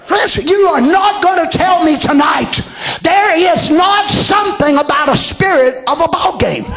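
A man preaching a fiery revival sermon, often shouting and acting out churchgoers and sports fans. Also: extremely high pitch, unhurried.

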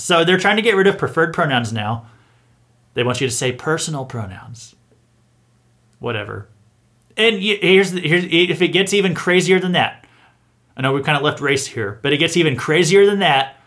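A man's voice: fairly high pitch, animated, normal speed, sharp tone. Sarcastic man hosting a commentary show. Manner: sarcastic, incredulous, chuckling asides. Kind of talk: opinion commentary reading out a list.

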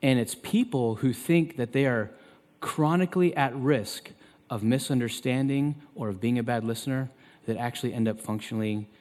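A man in his thirties preaching a sermon as pastor, turning loud and emphatic when he quotes scripture. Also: moderate pace. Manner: emphatic, loud and high when quoting God. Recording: long reverb of a large hall.

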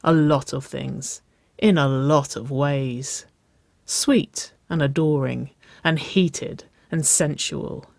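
A reader narrating a romance story in a slow, soft, intimate way. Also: mid-range voice, fairly even intonation, creaky, no echo. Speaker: audiobook reader.

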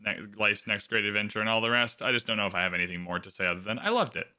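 A young man co-hosting a casual book podcast, talking in an animated, sarcastic way and mimicking characters in jokey voices. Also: fairly low pitch, very fast, smooth. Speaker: podcast co-host.

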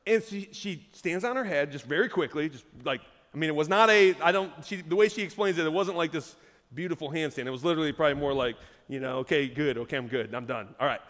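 A man preaching a sermon as pastor, telling a story with lively quoted voices. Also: on the high side, fast talker, in a large hall.

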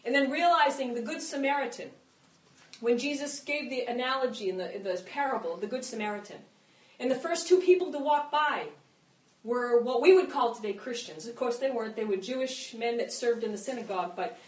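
Middle-aged female preacher, fervent and chatty, fairly high voice, distant mic in a roomy hall. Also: a little fast. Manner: impassioned, conversational, acts out quoted prayers. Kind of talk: sermon. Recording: echoey room, mic at a distance.

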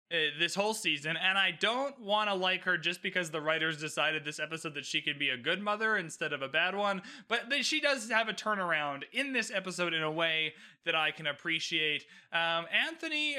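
A man's voice: sits high, bright, forceful tone. A man giving a casual, opinionated recap of a TV episode, ranting emphatically and swearing freely. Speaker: TV recap host.

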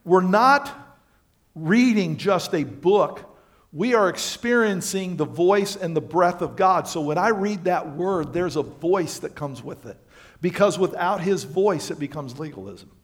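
A male pastor preaching a sermon to his congregation, swinging between loud emphatic lines and quiet, low asides. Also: expressive, a little slow. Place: church sanctuary.

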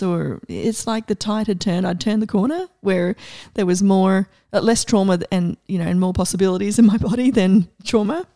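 A middle-aged woman coach giving a casual, enthusiastic inspirational talk, animated and laughing often. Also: mid-range voice, brisk, dry recording, clean studio sound.

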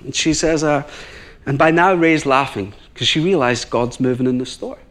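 Medium in pitch and moderate in pace, the voice belongs to a guest preacher from Northern Ireland. Throughout his sermon he tells a story animatedly, taking on the roles of the people in it.

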